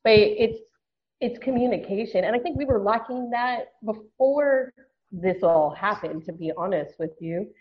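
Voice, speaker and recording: A woman's voice: medium pitch, unhurried, dull audio. A woman guest in a casual podcast chat about dating, talking frankly and laughing often. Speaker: dating venture founder, guest.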